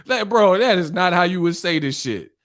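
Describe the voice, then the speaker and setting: A man's voice: high-pitched, lively intonation, moderate pace, a bit bright. Profane, joking man livestreaming about boxing. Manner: profane, joking, laughs often, mimics voices. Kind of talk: casual livestream chat reading viewer comments.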